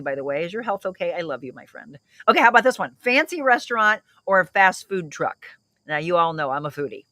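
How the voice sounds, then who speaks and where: A woman's voice: fairly low pitch, a bit bright, no echo. A middle-aged woman hosting a casual livestream, chatting upbeat and reading out viewer comments. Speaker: livestream host.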